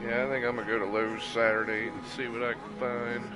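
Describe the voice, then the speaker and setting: A man's voice: mid-range voice, fairly quick. Guy swearing a lot, telling gaming stories all worked up, music playing behind. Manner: profane, animated storytelling. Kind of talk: casual chat while gaming.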